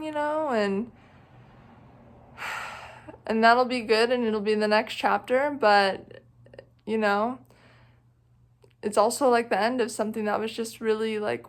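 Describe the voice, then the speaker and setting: A young woman vlogging about her long-distance hike, talking in a thoughtful, rambling way full of "like" and "you know". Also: a little high. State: emotional, near tears. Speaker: thru-hiker vlogger. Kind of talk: reflective casual vlog.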